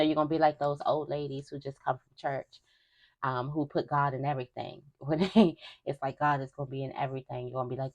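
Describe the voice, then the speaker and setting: A young woman with a low, grounded voice speaks straight to her viewers in a spiritual reading. She talks in a loose, conversational flow, circling back and repeating phrases for emphasis. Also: level tone, a little fast, darkish tone, lo-fi sound. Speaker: tarot reader.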